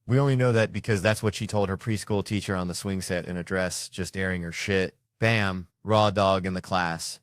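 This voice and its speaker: A man's voice: low-pitched, fairly even intonation, normal speed, few pauses, clear, resonant tone, no echo, clean studio sound. A man doing stand-up, telling stories in a profane, exasperated, punchy way. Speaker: stand-up comedian. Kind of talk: stand-up storytelling.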